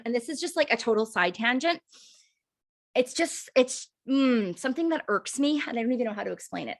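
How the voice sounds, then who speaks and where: A woman's voice: medium pitch, a bit bright. A woman leading a sales team training over a video call, chatty and fired up, with many fillers and emphatic repeats. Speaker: direct sales team leader training recruits.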